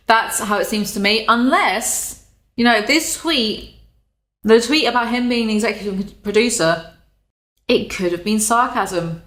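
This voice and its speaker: A young British woman giving casual, sarcastic commentary, animated and swearing freely. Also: medium pitch, moderate pace. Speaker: commentary YouTuber. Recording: echoey room.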